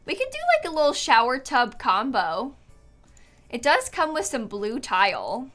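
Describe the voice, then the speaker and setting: A woman's voice: on the high side, huge pitch swings, a little slow, fairly bright tone, faint music behind. A woman streamer chatting casually while she builds in a game, thinking aloud with lots of fillers and frequent giggles, and yawning now and then. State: yawning, tired.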